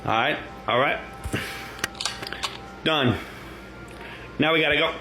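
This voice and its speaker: A man's voice: on the high side, slow, music in the background. A man doing a rambling comic rant full of incredulous rhetorical questions. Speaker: comedian.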